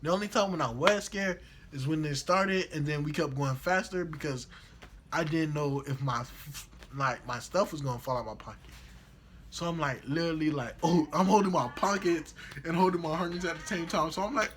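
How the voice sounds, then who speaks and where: A young man vlogging, retelling a trip in slangy, animated casual storytelling. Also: a little high, moderate pace, a little hiss or hum.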